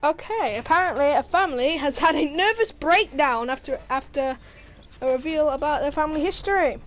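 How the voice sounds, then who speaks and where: High-voiced sweary woman streamer. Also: a little fast. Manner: animated, sweary, laughs while reading aloud. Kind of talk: casual commentary while gaming.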